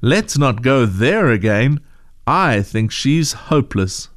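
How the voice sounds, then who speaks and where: A man's voice: medium pitch, big pitch swings, takes it slowly, no echo, clean studio sound. A man voicing a hesitant, skeptical young girl in a storybook reading. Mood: doubtful. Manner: unsure, skeptical.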